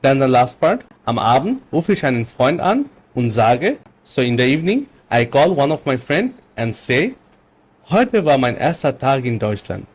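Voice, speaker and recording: A man teaching German vocabulary in English, explaining patiently and repeating phrases slowly. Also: mid-range voice, sing-song. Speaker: language teacher.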